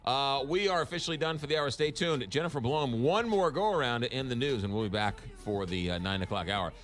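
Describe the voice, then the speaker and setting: A man's voice: medium pitch, lively intonation, a little fast, a bit bright. Radio show guy chatting with guests, jokey, laid back. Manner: joking, teasing. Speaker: radio talk show host. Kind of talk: casual radio banter.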